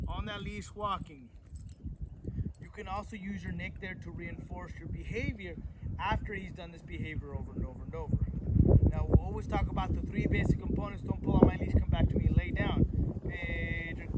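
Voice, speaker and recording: A man teaching dog training outdoors, explaining steps and calling commands and praise to the dog. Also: sits high. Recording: distant, noisy outdoor camera audio.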